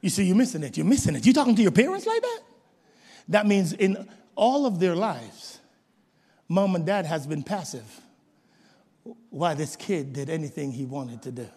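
A man preaching a sermon as pastor, emphatic, swinging from shouted exhortations to hushed low asides. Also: expressive, moderate pace, husky. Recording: long hall reverb.

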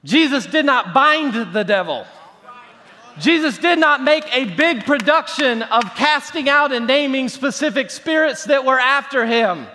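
A man preaching a sermon from a church stage, lively and sometimes mocking showy prayer habits. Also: very high voice, unhurried. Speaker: pastor. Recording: reverberant hall.

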